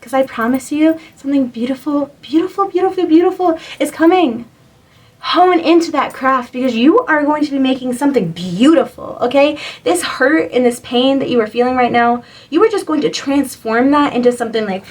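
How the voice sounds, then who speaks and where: A woman's voice: sits high, moderate pace, recorded from a distance, poor audio. A young woman giving a spiritual reading to camera, earnest and encouraging, rambling with lots of "like"s. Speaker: spiritual reader.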